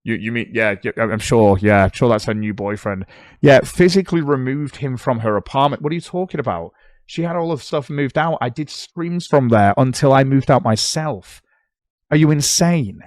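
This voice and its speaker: British guy on stream, sarcastic and sweary, mid pitch, dry close mic. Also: moderate pace, a little mellow, no echo. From Britain. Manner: sarcastic, swears freely, talks back at what he reads. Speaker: livestreamer reading forum posts aloud. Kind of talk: casual livestream commentary.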